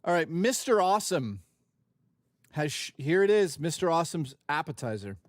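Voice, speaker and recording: A man riffing on his live stream with a slightly high, bouncy pitch that swings up and down a lot. He jokes and curses freely in an easy, casual way. The sound is dry and close. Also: moderate pace, no echo. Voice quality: animated, profane, joking.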